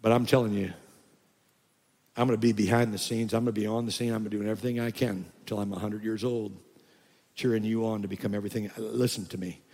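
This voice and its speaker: An older man preaching a sermon as a pastor, often rising to loud, high emphatic bursts. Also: fairly even intonation, quick pace. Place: church sanctuary. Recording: reverberant church hall.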